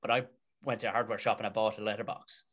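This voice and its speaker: A man's voice: on the low side, level tone, quick pace, fairly bright tone. A man with a Tipperary Irish accent, a comedic actor telling a story in an interview, swearing freely and rambling with restarts. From Tipperary, Ireland.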